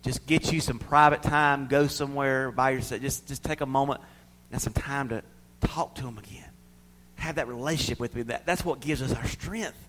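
A middle-aged man preaching a sermon, swinging between loud pleading and soft near-whispers. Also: medium pitch, steady tone, normal speed.

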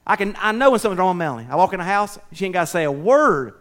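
A man preaching a sermon, folksy and conversational, swinging between loud preaching and soft, near-whispered asides. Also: sits high, big pitch swings, racing. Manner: folksy, conversational, with slips and restarts. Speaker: pastor.

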